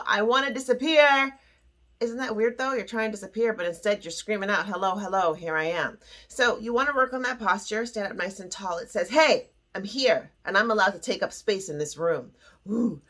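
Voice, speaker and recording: A woman's voice: mid-range voice, sharp tone. A woman hosting a self-esteem lesson, teaching in a playful, theatrical way and acting out little quoted voices. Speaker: self-esteem coach and show host.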